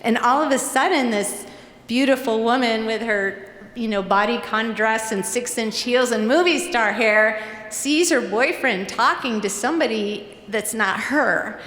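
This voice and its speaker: A woman from Virginia telling a true personal story live on stage in a chatty, animated way, often quoting herself. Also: fairly high pitch, unhurried. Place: stage in a large hall. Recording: echoey hall reverb.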